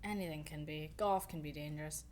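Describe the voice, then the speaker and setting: A woman's voice: deep voice, fairly quick, darkish tone, slight background noise. A young woman co-hosting a casual podcast, chatty and giggly with casual slang. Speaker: podcast co-host. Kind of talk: casual chat.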